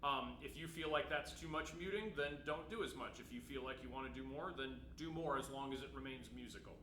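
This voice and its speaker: A man's voice: medium pitch, a little fast. A man giving a patient timpani lesson, explaining technique and checking in with his students as he plays. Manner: patient, explanatory, frequent "right?" check-ins. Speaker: percussion teacher. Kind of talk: instrument lesson demonstration. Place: room with timpani, roomy echo. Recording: roomy echo, faint noise.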